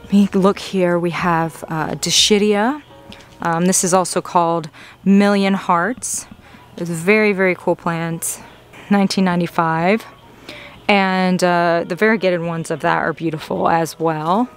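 A young woman filming a casual plant-shopping vlog in a nursery, gushing excitedly over the plants she finds. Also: on the low side, a little slow, soft background music. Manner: excited, gushing, frequent gasps. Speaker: plant vlogger.

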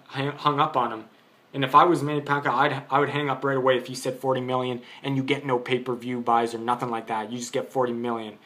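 A man's voice: medium pitch, pushed and bright. A man giving an unscripted boxing opinion in a vlog, arguing his point, rambling and restarting his sentences. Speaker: boxing commentator.

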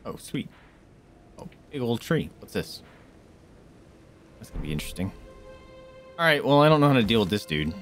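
Lively, excitable man streaming a game. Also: mid-range voice, normal speed, pauses often, faint music behind. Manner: excitable, reacting aloud and chatting with viewers. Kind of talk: live game commentary.

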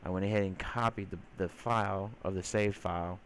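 Low-ish guy chatting thru his game, lots of uh and um, teases the mobs. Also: steady tone, brisk, a bit bright, a little hiss or hum. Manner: rambling, chatty, filler-heavy; teasing baby-talk to game mobs. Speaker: gamer. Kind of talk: casual gameplay commentary.

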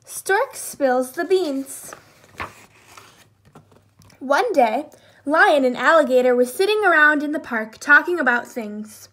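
A woman reading a children's picture book aloud in an expressive storytelling voice. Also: sits high, slow, long pauses.

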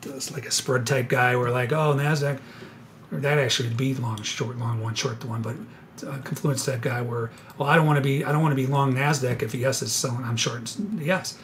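A man at his desk mic runs a live trading webinar, breathless and excitable. He trips over his words, corrects himself and drops sarcastic asides, at an ordinary middle pitch. A faint hiss sits under the recording. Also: a little fast. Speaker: futures trader presenting a live webinar.

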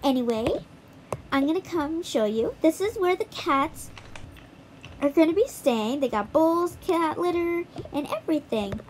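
A woman's voice: high voice, expressive, a little slow, noisy background. A woman giving a casual, chatty walkthrough of a mobile game, talking straight to her viewers. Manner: chatty, addresses viewers directly. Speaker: gaming YouTuber.

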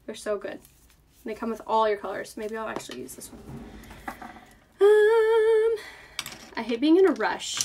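Chatty woman host, slightly high voice, live makeup demo while reading viewer comments. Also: expressive, fast, a little mellow, slight background noise. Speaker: makeup seller.

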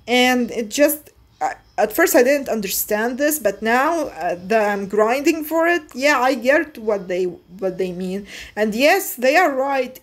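Rambling woman game vlogger. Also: on the high side. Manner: rambling, often restarts and trips over words. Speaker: mobile game YouTuber. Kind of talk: casual vlog commentary.

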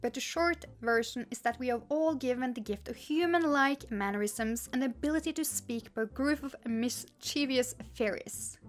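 A chatty farm chicken from a storybook, explaining things in a matter-of-fact way, as a young woman reads her. The voice stays near plain and slightly high. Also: moderate pace, hardly any pauses, natural voice.

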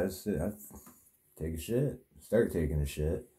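A man's voice: low-pitched, a little slow, warm tone. A man telling a rambling, profane story in a casual monologue, with lots of fillers. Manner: crude, profane, meandering with many fillers. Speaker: vlogger telling a dream.

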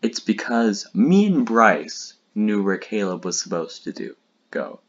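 Deep-voiced young man, chatty reaction commentary. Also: big pitch swings, unhurried, husky, muffled recording. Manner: chatty and laughing, rambling explanations with many fillers. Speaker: creator reacting to his old videos. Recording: noisy recording.

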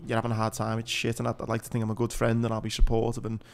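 Gravelly, flat-voiced man. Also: on the low side, rapid-fire. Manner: frank, blunt, sweary. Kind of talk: casual podcast chat.

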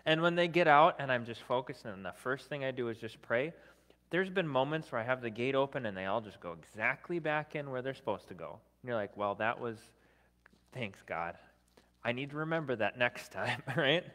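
A man's voice: on the high side, a bit bright, long reverb tail. A man preaching a sermon as a guest speaker, talking conversationally, often adding "right?", with self-deprecating humor. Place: church sanctuary.

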